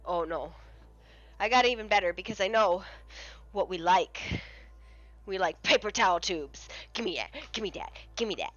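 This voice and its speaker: A woman's voice: mid-range voice, expressive, moderate pace, fairly bright tone, highs cut off, soft background music. A woman streamer chatting casually on a live stream, swearing freely and cooing baby talk at her dogs.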